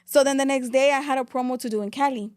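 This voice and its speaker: A young woman, telling her story as a podcast guest in a rapid, animated way and switching between English and Spanish. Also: high voice, dry recording, clean studio sound. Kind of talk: casual interview storytelling.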